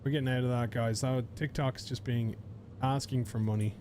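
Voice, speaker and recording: A man's voice: mid-range voice, steady tone, normal speed, darkish tone, a little hiss or hum. A man live-streaming a survival game, chatting to viewers in a rambling, casual way and swearing freely.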